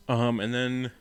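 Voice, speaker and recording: A man co-hosting a casual movie review podcast, talking in a relaxed way with many fillers. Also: medium pitch, smooth. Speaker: podcast co-host.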